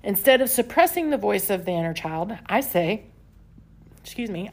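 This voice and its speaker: A woman talks openly about her past on her podcast, her voice carrying a gravelly fry. She speaks in a candid, confessional way at a middle pitch, with soft laughs slipping in. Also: expressive, moderate pace. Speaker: podcast host. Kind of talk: personal self-help podcast talk. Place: home with pets nearby.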